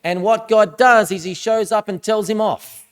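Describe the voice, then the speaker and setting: Minister guy preaching, higher voice for a man, chatty, reads the bible bits with punch. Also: steady tone, normal speed, smooth. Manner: conversational preaching, reads scripture aloud with dramatic emphasis. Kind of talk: sermon.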